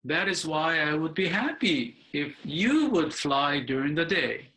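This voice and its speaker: A big male scops owl from a storybook, calm and kind, with a slow, soft and reassuring voice, played by an older man. His tone stays bright and clear, and his pitch is a little lower than the narration around him. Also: full character voice, low-quality recording. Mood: gentle. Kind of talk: picture book read aloud.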